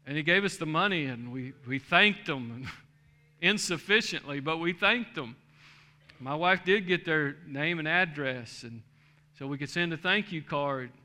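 A man's voice: on the high side, normal speed, pushed and bright. A middle-aged man, a pastor, telling a story in a sermon and building to a fervent preaching cadence, in a church sanctuary.

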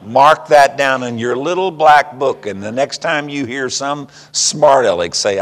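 Older preacher, slow and folksy, in a hall. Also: male voice, medium pitch. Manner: folksy, humorous, dramatic swings between whisper and shout. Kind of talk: sermon with closing prayer. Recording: long reverb in a hall.

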